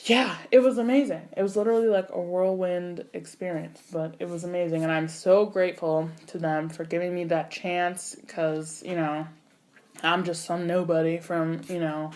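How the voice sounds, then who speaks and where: A young woman, an actor and singer, telling an animated story in a casual interview, full of "like" and "you know". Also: fairly low pitch, normal speed.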